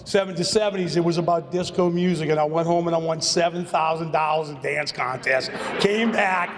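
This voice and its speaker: A man's voice: fairly high pitch, a little fast. A man, giving a rambling acceptance speech at a podium and often repeating his words. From Louisiana, USA. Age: late 50s. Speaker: hall of fame inductee. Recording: long hall reverb.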